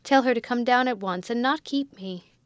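A woman voicing a blunt, gruff old country baronet who makes slow, demanding remarks. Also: a little high, no echo, voice pushed up, lightly acted. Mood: impatient.

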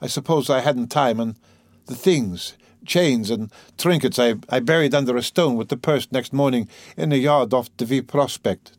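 A brooding, tormented young man speaks low and wearily, half muttering as he reflects, as a male audiobook reader voices him. The voice stays mid-pitched and dry. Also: moderate pace, no echo, close to an everyday voice. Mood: weary. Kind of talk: audiobook character voice.

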